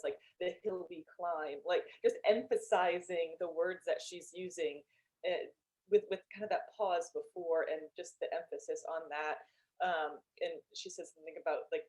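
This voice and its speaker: Woman, meeting host on a video call, friendly and chatty. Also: on the low side. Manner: chatty, upbeat, with fillers and laughs. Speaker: meeting toastmaster. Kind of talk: presenting at an online club meeting.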